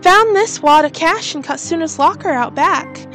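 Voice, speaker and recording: A woman's voice: very high voice, animated, normal speed, a bit bright, soft background music, full character voice. A woman voicing a brash, sneering female coworker in a horror game.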